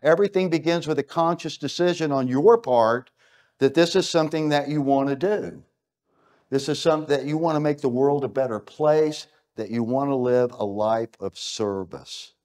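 A middle-aged American man speaks from a stage at an event, delivering a conference keynote with a mid-range, darkish voice. His style is punchy and emphatic, packed with rhetorical questions.

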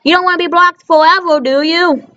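High-voiced woman ranting on a dull recording. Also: steady tone, brisk, sharp tone. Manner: scolding, profane, repetitive. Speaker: channel host. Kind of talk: rambling rant to the camera.

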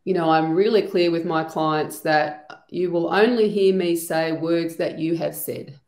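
A woman with a somewhat low voice explains her work in a loose, chatty way, often pausing on "you know." She is on a video call. Her sound carries the echo of the room around her. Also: fairly even intonation, darkish tone. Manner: chatty, thinks aloud with many "you know" asides. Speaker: EFT trainer and trauma practitioner guest. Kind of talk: casual explanatory interview talk. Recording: echoey room.

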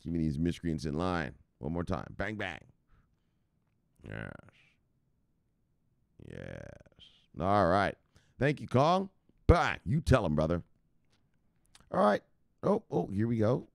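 Animated low-voiced man hosting crypto news. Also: slow, vocal fry, long pauses, no room sound, studio quality. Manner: animated, slangy, shouts "bang" during shout-outs; explains step by step with repetitions. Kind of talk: casual livestream talk.

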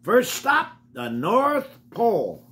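A man's voice: high-pitched, wildly swooping pitch, takes it slowly, a bit bright, slight background noise, voice pushed up, heavily acted. An older man voicing a cheerful, laid-back young male cat in a storybook, speaking in upbeat, eager exclamations. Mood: excited.

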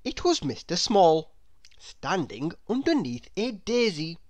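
A woman reading a children's picture book aloud in a slow, expressive, sing-song storytelling voice. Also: fairly low pitch, dry recording. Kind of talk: children's read-aloud narration.

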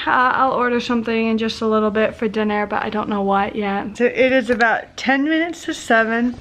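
A young woman chatting casually in a home vlog, a bit out of breath and tired, sometimes cooing at dogs in baby talk. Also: fairly high pitch. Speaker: vlogger. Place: house, indoors.

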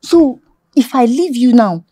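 An actress with a Nigerian accent playing a scheming, sharp-tongued woman who mocks a servant. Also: on the high side, animated, a little slow, slightly rough, no room sound. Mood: mocking. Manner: sarcastic, mocking. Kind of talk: film acting.

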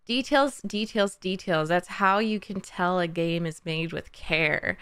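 A young adult woman hosting a casual reaction chat, gushing as an excitable fan. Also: fairly low pitch, unhurried, clear, resonant tone. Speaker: host reacting to a game trailer.

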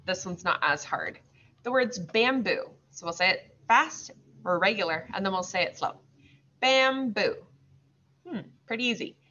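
A woman teaching second graders, sounding out words slowly and patiently. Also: medium pitch, bright, forceful tone, a little hiss or hum. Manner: slow, drawn-out modeling of words. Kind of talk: recorded classroom lesson. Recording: slightly dull lo-fi recording.

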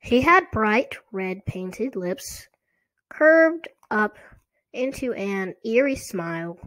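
A woman narrating a storybook slowly and deliberately. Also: a little high, lively intonation, fairly bright tone.

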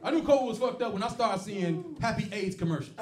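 A man doing a stand-up comedy set, telling loud, animated stories and acting out the people in them. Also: high-pitched, fast talker, noisy background. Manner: loud animated storytelling with acted-out quotes. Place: comedy club stage. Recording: roomy club sound from a distance with loud crowd laughter. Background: audience laughing.

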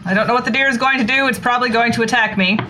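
A woman player in a tabletop role-playing game, talking quickly and playfully. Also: fairly high pitch, pushed and bright, low-quality recording. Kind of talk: casual tabletop game play. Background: background music.

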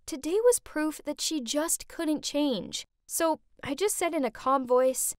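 A woman narrating a scripted first-person story in an animated, exclamatory way. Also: high voice, unhurried, few pauses, dry recording, studio quality.

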